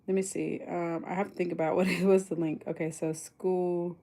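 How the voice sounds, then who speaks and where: A woman hosting a casual livestream about mindset and income, chatty and rambling with many fillers, growing excited and emphatic. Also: lowish voice, normal speed. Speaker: online business coach hosting a livestream.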